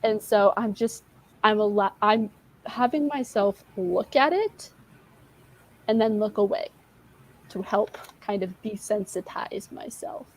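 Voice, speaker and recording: A woman's voice: mid-range voice, unhurried, rough recording. A woman in her twenties co-hosting a casual livestream chat, rambling and candid, often losing her train of thought. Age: 20s. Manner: candid, self-deprecating. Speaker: livestream co-host.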